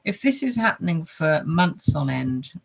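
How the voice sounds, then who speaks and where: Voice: medium pitch, sing-song, unhurried, vocal fry, muffled recording. A podcast guest, telling a personal story in an earnest way and listing things with lots of repetition.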